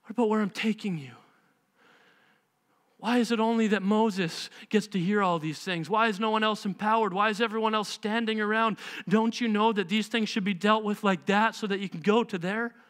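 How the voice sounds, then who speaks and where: Bright, high-pitched animated preacher man. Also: a little fast, few pauses, smooth. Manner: emphatic, animated preaching with rhetorical questions. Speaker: pastor. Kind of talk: sermon. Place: church sanctuary.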